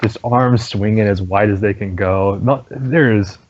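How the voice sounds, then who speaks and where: A low-voiced man narrates a tabletop game as game master. He is wry and descriptive. The recording sounds dull and lo-fi. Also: measured pace, a little hiss or hum.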